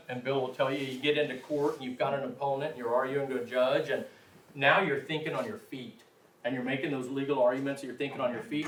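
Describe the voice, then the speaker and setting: A man teaching a language class, chatty and informal, often checking in with his students. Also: medium pitch. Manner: chatty, frequent "right?" check-ins, self-deprecating. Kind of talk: classroom instruction. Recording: roomy, distant, faint hiss.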